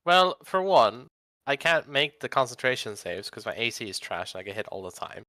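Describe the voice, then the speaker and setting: A man chats casually during a tabletop game and quickly explains rules to the others. His voice is bright and forward, and the sound is dry and close. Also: mid-range voice, sing-song, no room sound. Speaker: player.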